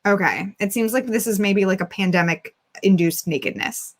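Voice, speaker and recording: A woman's voice: medium pitch, normal speed. A woman hosting a casual comedic advice show over a video call, blunt and emphatic, swearing casually as she gives advice.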